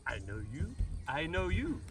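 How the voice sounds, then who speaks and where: A man's voice: fairly high pitch, huge pitch swings, measured pace, distant mic, faint music behind. A man voicing a worried young lioness, pleading dramatically.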